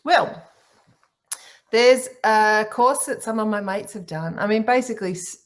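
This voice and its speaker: A middle-aged woman speaking on a video call, answering questions in a warm, encouraging and playful way. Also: mid-range voice, measured pace. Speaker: guest speaker, singer and author. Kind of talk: casual online talk answering questions.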